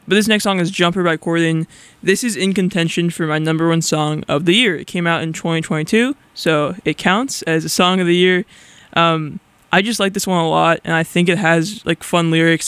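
A man's voice: a little high, fairly bright tone, clean tone, no echo. A young man hosting college radio, chatting casually and rambling with lots of filler words, a bit nervous. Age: young adult. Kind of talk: casual on-air chat.

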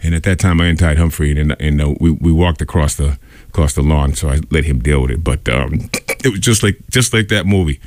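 With a rumbling low, darkish voice and a brisk delivery, a radio host rambles through an anecdote full of fillers, performing the voices of its characters. The recording is dry.

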